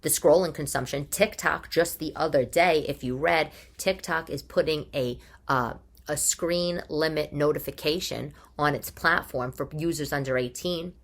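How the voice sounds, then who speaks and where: Brief: opinionated New York mom host, slightly low voice, chatty monologue full of rhetorical questions. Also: female voice, normal speed, hardly any pauses. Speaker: podcast host; mother. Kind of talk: casual monologue. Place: living room.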